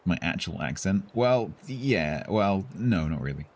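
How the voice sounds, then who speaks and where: A very low-voiced English man with a slightly husky tone, speaking with a Received Pronunciation accent tinged with London. He chats casually with his stream viewers, hesitating and restarting as he thinks aloud. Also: lively intonation, measured pace, a little mellow. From England. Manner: chatty, hesitant, with many fillers and restarts.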